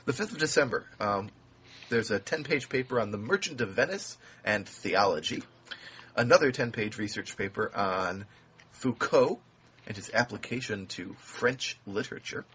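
A man's voice: on the low side, lively intonation, moderate pace, a bit bright, slight background noise. A young man hosting a podcast in casual banter, with a wry, mock-grandiose manner. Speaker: podcast host.

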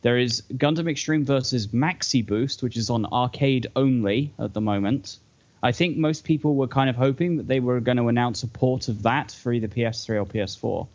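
Halting, explanatory male co-host on dull audio. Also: mid-range voice, a little mellow. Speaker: podcast co-host. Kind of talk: casual podcast chat.

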